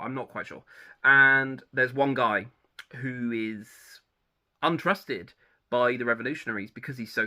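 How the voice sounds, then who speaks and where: A man talks through his favourite stories in an unscripted, rambling way, often pausing on "um" and restarting his sentences. His voice is strikingly bright and forceful, and it sits at an ordinary middle pitch. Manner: chatty and rambling, with frequent ums and restarts. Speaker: book reviewer. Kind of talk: casual spoken book review.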